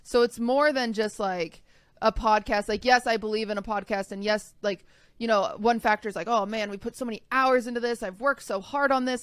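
A woman's voice: fairly high pitch, fairly even intonation, fairly quick, clean tone, dry recording. A young woman co-hosting a podcast, telling a personal story in a rambling, casual way with lots of fillers. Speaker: podcast co-host. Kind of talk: casual chat.

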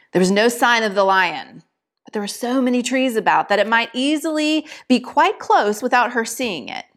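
A woman giving a sermon and reading a story aloud in an expressive storytelling manner. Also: fairly high pitch. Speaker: preacher or teacher.

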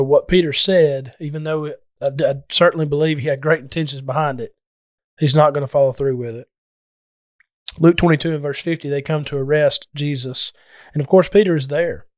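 Man doing a bible lesson sermon, earnest and emphatic, dry sound, no room echo. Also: a little high. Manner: earnest, emphatic scripture reading. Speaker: preacher.

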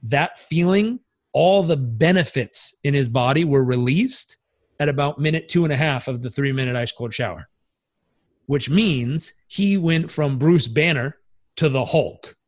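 A man coaching as a podcast guest, telling stories in an energetic, emphatic and casually profane way. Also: fairly high pitch, measured pace. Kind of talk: podcast interview storytelling.

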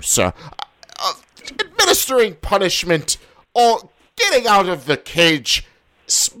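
A man puts on a stuffy British gentleman correspondent, pitched up high and pompous. His British accent is plainly put on, and the delivery is stiff, formal and halting. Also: heavily acted.

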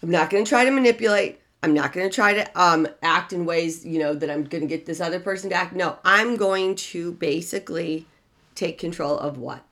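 Emphatic woman podcast host, low-pitched. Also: brisk, fairly bright tone. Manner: emphatic, preachy, repeats key phrases with rising intensity. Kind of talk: motivational podcast talk.

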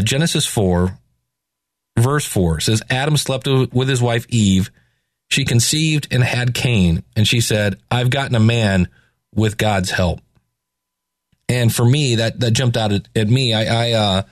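A middle-aged man talks through a Bible passage in a relaxed, rambling way. He stops and restarts often and retells the stories in loose everyday wording. His voice sits at an ordinary pitch, and the recording is dry with no room echo. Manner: conversational, rambling with restarts and hesitations; paraphrases scripture in loose everyday speech. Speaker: speaker reflecting on scripture. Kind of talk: casual Bible reflection.

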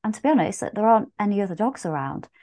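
A woman's voice: mid-range voice, expressive, very fast, warm tone. A woman hosting a podcast interview, chatting casually and asking questions with frequent fillers. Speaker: podcast host.

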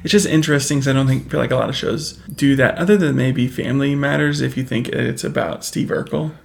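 A man's voice: mid-range voice, quick pace, gravelly. A man co-hosting a podcast in casual chat, easygoing, with dry asides. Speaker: podcast co-host.

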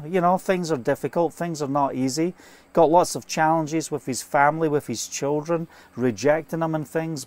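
A man's voice: fairly high pitch, a little mellow, no echo. A man preaching an informal sermon, earnest and fervent, telling stories and quoting scripture, speaking from inside a trailer.

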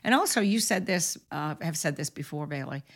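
A woman's voice: sits low, expressive, brisk, creaky. A middle-aged woman hosting a casual podcast chat, talking earnestly and often repeating her first words before a thought. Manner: earnest, repeats words when starting sentences. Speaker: podcast host and author.

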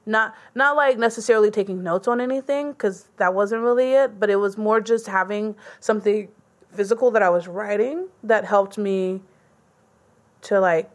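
A woman's voice: medium pitch, moderate pace. Chatty young woman, fillers galore. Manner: filler-heavy, loose, conversational. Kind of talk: casual chat.

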